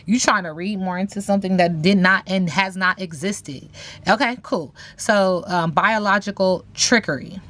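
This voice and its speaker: A woman's voice: mid-range voice, normal speed, a bit bright. A woman giving a casual tarot reading, talking in a sassy, slang-heavy way with playful teasing asides to viewers. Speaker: tarot reader.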